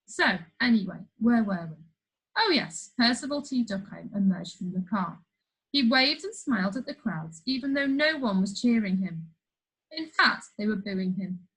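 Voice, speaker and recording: A woman's voice: medium pitch, lively intonation, normal speed, fairly bright tone, breathy edge, rough recording. A woman reading a funny children's story aloud, playful, with chatty asides to the listener. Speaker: storybook reader.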